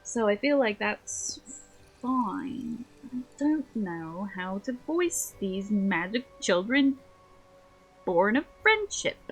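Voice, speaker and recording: A woman's voice: mid-range voice, expressive, slow, breathy edge, soft background music. A woman from the Southern US chatting casually as she streams a game, giggly and rambling.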